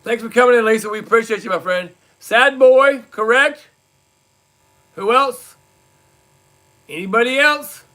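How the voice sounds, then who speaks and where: A man hosting a live online trivia night, reading out scores and repeating each question slowly, in casual chat. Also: very high voice, bright, forceful tone. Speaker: livestream trivia host.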